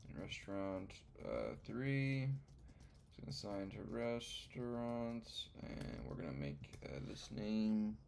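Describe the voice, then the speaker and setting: A beginner programmer mutters his way through coding exercises in a casual screen recording, thinking aloud and often trailing off. His fairly low, creaky, somewhat dark voice swings widely in pitch and moves slowly, with slight background noise behind him.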